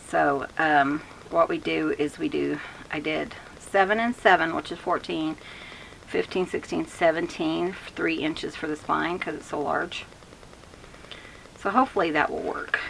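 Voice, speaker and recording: A woman's voice: low-pitched, creaky, bright, forceful tone, slight background noise, poor audio. A woman crafter chatting casually through a tutorial, rambling and thinking aloud as she works. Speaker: craft vlogger.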